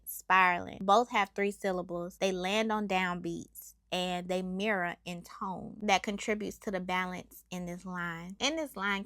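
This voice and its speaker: A woman hosting a show, calmly reading a scripted, measured breakdown of song lyrics. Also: medium pitch, vocal fry, dry recording, studio quality. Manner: measured, analytical, explanatory. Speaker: host.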